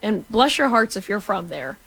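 A woman's voice: medium pitch, very animated, moderate pace, creaky, fairly bright tone, breathy edge. A woman co-hosting a show, chatting bluntly and laughing about sports. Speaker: co-host. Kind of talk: casual sports talk.

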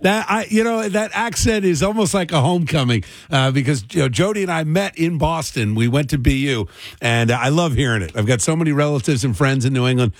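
A man's voice: fairly high pitch, expressive, fairly quick, no room sound. A man hosting a call-in radio talk show, chatting casually and rambling with fillers.

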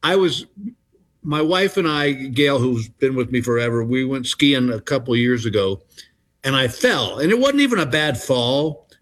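A man's voice: mid-range voice, lively intonation, normal speed. A middle-aged man, a comedian guest telling rambling anecdotes in a casual interview. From Texas. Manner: rambling anecdotes with restarts and acted-out voices.

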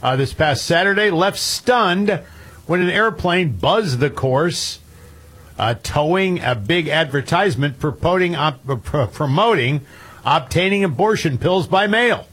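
A man's voice: on the high side, lively intonation, measured pace, fairly bright tone, husky. A man hosting a talk radio show, casually reading news stories and chatting with some hesitations.

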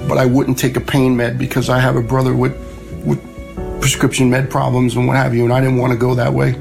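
A middle-aged man, telling a personal story in a plain, conversational way and quoting others in lively voices. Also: medium pitch, a little fast, creaky, over music, low-quality recording. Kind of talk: personal story told to a host.

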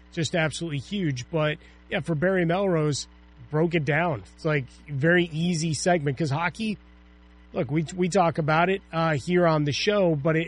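A man co-hosting a sports talk show with a slightly high voice. He makes his points with emphasis in a relaxed, conversational way. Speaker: sports radio co-host.

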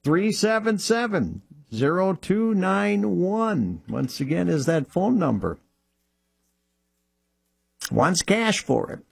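Slow, steady male radio call-in host. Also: high voice, creaky, husky, no echo, clean studio sound. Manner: reads listings plainly and repeats phone numbers slowly. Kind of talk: radio buy-and-sell call-in show.

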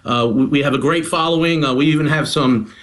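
A man's voice: fairly high pitch, brisk, a bit bright. A man who works as a personal trainer, guesting on a talk show in a laid-back way with lots of fillers. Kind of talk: casual phone-in chat.

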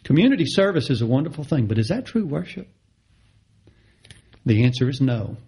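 A middle-aged man preaching a sermon, passionate and repetitive, his voice climbing high on the words he stresses. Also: big pitch swings, a little fast, warm tone, slightly rough. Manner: impassioned, repeats phrases for emphasis, rises sharply in pitch on key words.

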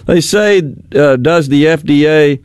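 Male radio host, sardonic news commentary, mid-high voice, dry close studio sound. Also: unhurried, a little mellow, smooth, no room sound. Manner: sardonic, laughs at the news, mock-quotes officials. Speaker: radio talk show host. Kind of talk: casual talk radio commentary.

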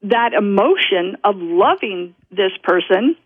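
A woman's voice: medium pitch, animated, takes it slowly, breathy edge, no echo. A woman guest telling a personal story in a rambling, self-interrupting way, often breaking into laughter. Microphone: telephone. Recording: tinny phone line.

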